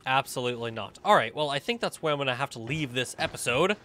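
Excitable young man gaming commentary. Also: medium pitch, fast, slight background noise. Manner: excitable, laughs often, talks to the game characters. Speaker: gaming YouTuber. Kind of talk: let's play commentary.

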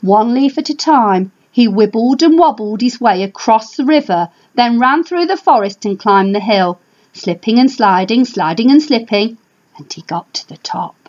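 Animated woman reading a picture book aloud. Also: on the high side. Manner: animated, drawn-out emphasis. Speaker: storybook reader for a primary school. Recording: dull lo-fi home recording.

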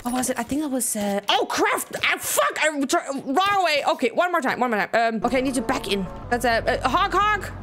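A woman giving excitable let's-play commentary, gasping and chattering to herself as she plays. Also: sits high, fairly quick, hardly any pauses, faint music behind. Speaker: video game streamer.

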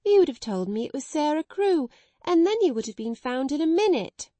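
A woman's voice: high voice, very animated, a little fast, mellow, dry recording, pitched above the performer's own voice. A woman voicing a regretful little boy who speaks earnestly and ruefully.

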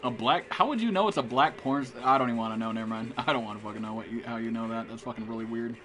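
A man's voice: medium pitch, racing, sharp tone, a little hiss or hum. A man streaming a game live, swearing and trash-talking other players while he greets chat viewers. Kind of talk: live gameplay commentary.

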